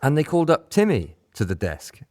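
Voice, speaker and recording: A man's voice: mid-range voice, fairly quick. A man, a band member, telling tour stories in a casual podcast chat, acting out the people he quotes. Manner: animated anecdotes with acted-out quotes.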